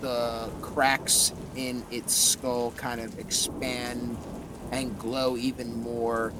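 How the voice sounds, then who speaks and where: Slow-narrating male game master. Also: mid-range voice, flat delivery, noisy background. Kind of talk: narrating a tabletop horror game.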